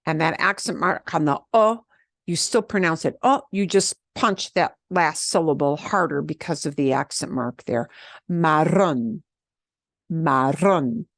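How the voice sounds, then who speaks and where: A woman's voice: low-pitched, normal speed, fairly bright tone, dry recording. A woman from the teaching a beginner Spanish lesson, patiently repeating words and drilling the trilled R. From American Southwest.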